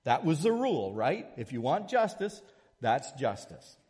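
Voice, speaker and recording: A man preaching a sermon, moving between a soft prayer and a lively illustration. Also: medium pitch, unhurried, long reverb tail. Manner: storytelling, shifts from soft prayer to lively anecdote. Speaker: pastor.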